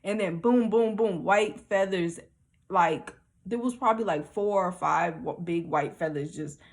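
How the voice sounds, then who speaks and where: A woman telling a personal spiritual story in a casual, animated way, laughing often and repeating herself as she talks. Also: fairly low pitch, measured pace. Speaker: vlogger sharing spiritual experiences.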